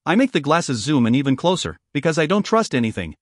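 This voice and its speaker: A man narrating a first-person fantasy audiobook with expressive storytelling. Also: a little high, fast talker, no echo, clean studio sound.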